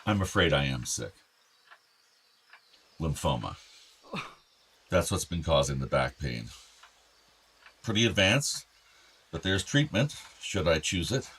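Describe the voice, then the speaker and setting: An older, ailing father in a radio drama, gentle and remorseful. His low voice is husky and breathy, and his pitch rises and falls with feeling. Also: sing-song, slow pace, long pauses, exaggerated voice. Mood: earnest. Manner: soft, tender, apologetic.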